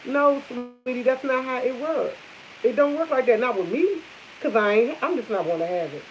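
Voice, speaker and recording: A woman's voice: on the high side, lively intonation, moderate pace, soft background music. A young adult woman chatting casually to her viewers, blunt and emphatic, repeating her points for force. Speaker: vlogger. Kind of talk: casual chat to camera. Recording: dull lo-fi audio.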